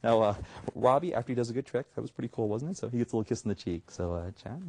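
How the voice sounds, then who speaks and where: Fast-talking husky stage magician man. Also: medium pitch, animated, darkish tone. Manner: playful, chuckling between jokes. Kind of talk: comic stage patter with a puppet.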